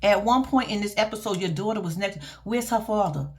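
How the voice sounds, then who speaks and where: A woman giving a casual, profane and animated reaction vlog about a reality TV show, speaking. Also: medium pitch, a little fast. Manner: blunt, profane, animated and laughing. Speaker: reality TV commentator.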